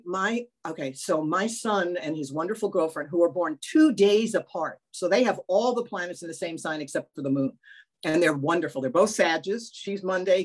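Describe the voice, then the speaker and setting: A woman's voice: on the low side, slightly rough. Candid older woman sharing on a video call. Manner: candid, self-mocking, animated, laughs often. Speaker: workshop participant.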